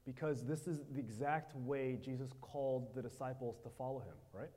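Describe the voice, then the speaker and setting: A man's voice: medium pitch, warm tone. Man preaching in short bursts, in a reverberant hall. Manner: pauses in short phrases for interpreter. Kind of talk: sermon with live interpretation.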